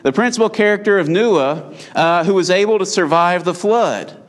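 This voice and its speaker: A man preaches an evening sermon, his voice sitting a little high. He talks to the congregation directly and conversationally. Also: lively intonation, normal speed. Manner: conversational, addresses the audience directly.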